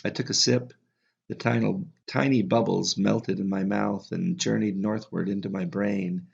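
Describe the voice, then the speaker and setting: A male audiobook narrator with a low, deeply gravelly voice and a husky edge. His reading is calm and measured. The audio is slightly muffled and lo-fi. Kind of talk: scripted narration.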